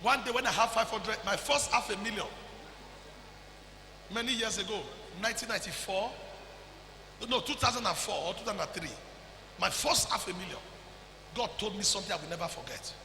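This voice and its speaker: A man preaching a sermon as pastor, loud and emphatic, often shouting and slipping into Pidgin. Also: high voice, fairly quick, long pauses, reverberant, long reverb tail, a little hiss or hum, rough recording. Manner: preaching loudly with frequent shouts and Pidgin asides.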